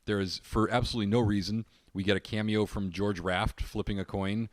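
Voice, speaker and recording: A man's voice: fairly low pitch, fairly even intonation, a little fast, no echo. A man co-hosting a film podcast, casually explaining movie history in long, rambling stretches. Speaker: podcast co-host.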